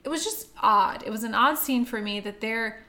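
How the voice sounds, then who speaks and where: A woman's voice: a little high, moderate pace, a loud crowd. A woman co-hosting a casual film-review chat, chatty and laughing often, with frequent fillers. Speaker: podcast co-host.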